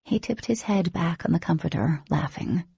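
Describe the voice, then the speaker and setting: A woman narrating an audiobook in first person, with an expressive reading and a husky, creaky voice. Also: fairly low pitch, normal speed, dry recording, lo-fi sound.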